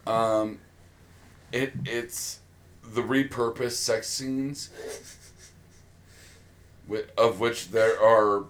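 A man's voice: fairly low pitch, steady tone, very slow, pauses often. A man co-hosting a podcast, chatting casually and rambling with many fillers and restarts. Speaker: podcast co-host. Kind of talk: casual chat.

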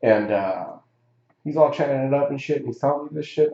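A man's voice: mid-range voice, brisk, mellow, dull audio. Rambling, profane man in a roomy room. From Southern California. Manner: profane, rambling, with many fillers and restarts. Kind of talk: casual storytelling chat.

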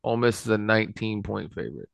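Guy hosting a sports pod, low gravelly voice, laid-back and wry. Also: animated, fast talker, dry recording. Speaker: podcast host. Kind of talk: casual sports chat.

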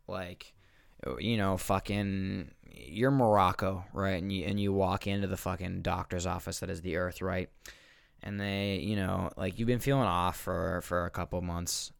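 Deep gravelly young man ranting profanely. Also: no echo, clean studio sound. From northeastern United States. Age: 20s. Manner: profane, rambling, with heavy swearing. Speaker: podcast host. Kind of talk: casual solo rant.

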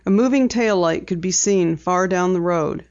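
An audiobook narrator reads a mystery novel in steady, measured scripted narration. The voice sits mid-range, and the recording is dull and lo-fi.

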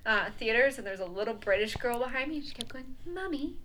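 A young woman co-hosting a podcast, chatting and giggling as she retells a ghost story, dropping to hushed tones and then getting loud. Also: on the high side, fast, poor audio. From Canada. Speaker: podcast co-host. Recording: unboosted mic with background chatter.

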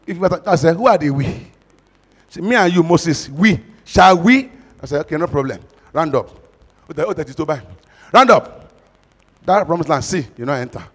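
A man with a Nigerian accent, a pastor who preaches with stories and then leads loud, fast prayer. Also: fairly high pitch, expressive, long reverb tail. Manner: tells a story, then prays loudly and fast in bursts. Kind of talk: sermon with storytelling and loud prayer.

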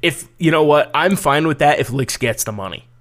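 A young man telling a story on a casual podcast, swearing freely and acting out what people said in loud, raised voices. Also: moderate pace. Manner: profane, animated, acts out quotes in loud high voices. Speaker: podcast co-host.

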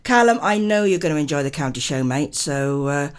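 An older woman hosting a local radio show, chatting casually and greeting listeners warmly by name, a little under the weather. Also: low voice, expressive, brisk. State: unwell. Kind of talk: casual radio chat and rambling monologue.

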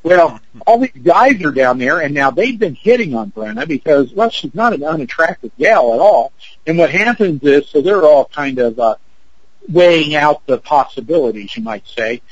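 A man's voice: a little high, animated, moderate pace, no echo, highs cut off. A man in his fifties, an actor and producer, telling a story in an interview in a chatty way, with lots of fillers and acted-out quotes. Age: 50s. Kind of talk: anecdote in an interview.

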